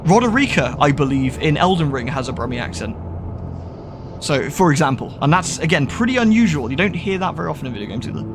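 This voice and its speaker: A man from England with a West Country accent streams a game, chatting and rambling casually with lots of fillers and restarts. His voice is on the high side, very animated, and fast, with a noisy background.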